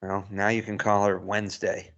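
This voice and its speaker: A man's voice: on the low side, flat delivery, normal speed, a bit bright, muffled recording. A man co-hosting a podcast, chatting casually and rambling with chuckles. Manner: rambling, chuckles through points. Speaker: podcast co-host. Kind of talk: casual chat.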